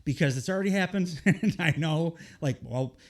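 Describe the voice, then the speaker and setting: A man co-hosting a podcast in casual chat about wrestling, enthusiastic and quick to laugh. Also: a little high. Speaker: podcast co-host.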